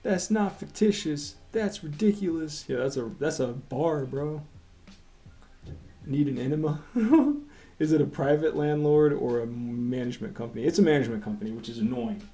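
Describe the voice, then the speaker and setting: A man's voice: on the high side, moderate pace, dark tone. Laid-back, rambling male streamer, roomy sound. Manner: laid-back, rambling, profane, laughs often. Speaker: comic artist livestreaming while drawing. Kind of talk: casual chat. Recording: roomy echo, faint music behind.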